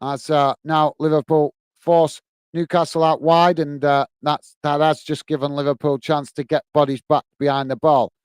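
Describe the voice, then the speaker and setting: A British man from England, with a fairly high, smooth, clear voice, gives live fan commentary on a football match at normal speed and a level tone. Blunt and chatty, he addresses viewers directly, calls everyone "mate" and gets openly irritated. The sound is dry and close, with no echo or room around it.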